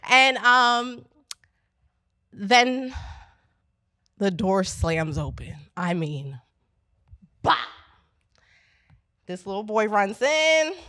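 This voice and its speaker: A middle-aged woman from Pennsylvania, a business founder, telling a lively story to a live audience and talking straight to the crowd. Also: mid-range voice, no room sound. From Pennsylvania, USA. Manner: animated, chatty, addresses the crowd directly. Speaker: business founder speaking at an event. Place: event space at a coworking venue.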